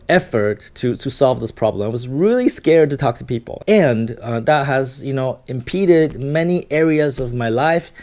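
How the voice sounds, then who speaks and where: A man giving self-help tips to camera in a casual, profane way, full of "you know" and "right?", jumping from loud emphatic bursts to a low, calm voice. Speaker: self-help video host. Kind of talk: casual motivational talk to camera.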